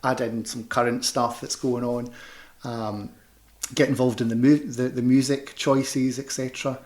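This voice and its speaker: A man from Scotland with a Glasgow accent speaks in a mid-range, darkish, level voice at normal speed. A panto performer and director, he chats loosely in a casual interview, restarting his sentences often.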